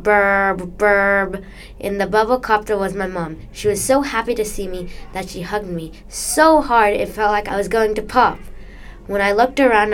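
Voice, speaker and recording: A young girl reading aloud her own children's story in an earnest, careful way. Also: mid-range voice.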